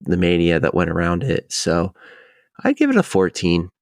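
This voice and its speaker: A young man co-hosting a podcast in relaxed, agreeable casual chat. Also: low voice, normal speed, no room sound, clean studio sound. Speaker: podcast co-host.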